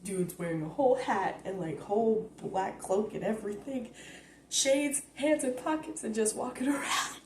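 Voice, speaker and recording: A woman's voice: a little high, moderate pace, a little mellow, echoey room, slight background noise. A woman vlogger giving a blunt, profane, rambling recap, recorded on her phone. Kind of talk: casual rant recap.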